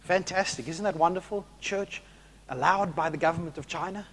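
Animated high-voiced male preacher. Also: normal speed, husky. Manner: animated, swinging from loud exhortation to hushed emphasis. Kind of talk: sermon.

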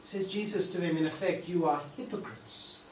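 A man preaching a conversational, animated sermon. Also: high voice, moderate pace. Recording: roomy hall from far off, faint noise.

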